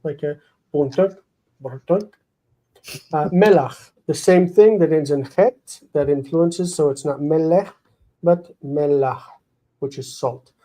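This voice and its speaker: A man's voice: fairly high pitch, warm tone, poor audio. Man teaching Hebrew grammar live. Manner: explains, repeats words slowly, reads out comments. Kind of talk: live online lesson.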